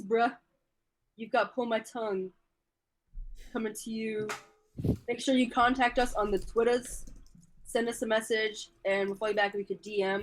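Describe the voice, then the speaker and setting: A woman's voice: mid-range voice, rough recording. A young woman co-hosting a podcast, playful and jokey, laughing often in casual chat. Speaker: podcast co-host and streamer.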